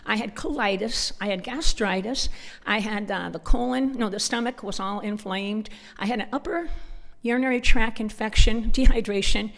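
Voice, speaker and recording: A woman's voice: medium pitch, moderate pace, gravelly. Woman telling stories in a reverberant church hall. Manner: animated storyteller acting out dialogue. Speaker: conference speaker. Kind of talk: humorous church talk.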